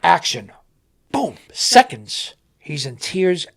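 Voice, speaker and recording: A man, a stuntman guest, telling animated on-set stories and acting out the voices of the people in them. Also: a little high, slow pace, gravelly, breathy edge. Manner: animated, acts out voices in anecdotes. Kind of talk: animated storytelling.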